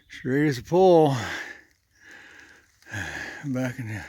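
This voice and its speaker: A man hiking a forest trail, narrating in a folksy, unhurried way as he thinks aloud, getting out of breath on the climbs. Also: medium pitch, lively intonation, slightly rough, no room sound. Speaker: hiker vlogger. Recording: outdoor trail noise.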